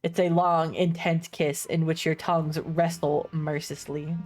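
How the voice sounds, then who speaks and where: A young woman streamer narrating a visual novel aloud in a dry, deadpan read. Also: deep voice, normal speed. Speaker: streamer reading a dating game.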